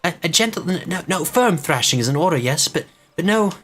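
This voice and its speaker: A man's voice: on the high side, lively intonation, fairly quick, a bit bright, voice pushed up. A man voicing a small, fretful male Moogle creature, stammering and pleading as he reads game dialogue aloud.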